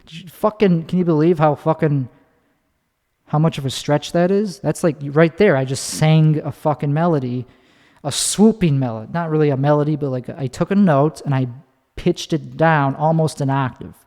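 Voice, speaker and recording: A man's voice: moderate pace, a little mellow. Rambling profane man, echoey room. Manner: rambling, profane, restarts often, demonstrates pitch with his voice. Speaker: podcast host. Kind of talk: casual rambling monologue.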